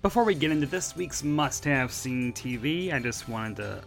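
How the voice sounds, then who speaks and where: A man's voice: mid-range voice, lively intonation, normal speed, vocal fry, soft background music. A man hosting a sitcom podcast, talking casually and animatedly with filler words and self-deprecating asides. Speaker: podcast host.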